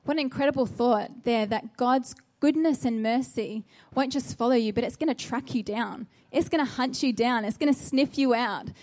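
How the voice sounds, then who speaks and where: A woman's voice: on the high side, normal speed, hardly any pauses, a little mellow. A woman preaching a sermon, earnest and exhorting, with a run of searching rhetorical questions.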